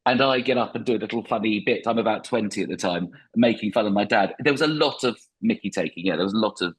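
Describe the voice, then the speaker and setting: A man's voice: lowish voice, quick pace, husky, rough recording. A middle-aged man, a comedian guest, chatting casually on a podcast, self-mocking with lots of restarts. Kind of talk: casual interview chat.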